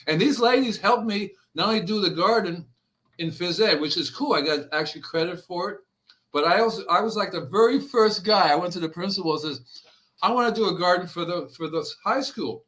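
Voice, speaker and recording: A man's voice: high voice, brisk. An older man, a podcast guest and organic gardener, telling rambling stories in a casual way and acting out quoted people. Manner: animated, rambling, acts out quotes with raised voice. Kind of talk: casual storytelling.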